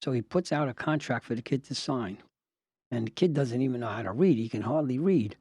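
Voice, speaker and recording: An older man, a retired judge, tells wry, animated anecdotes and acts out the people he quotes. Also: medium pitch, brisk, husky, no room sound, clean studio sound. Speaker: retired judge and lawyer telling stories. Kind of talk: anecdotal storytelling.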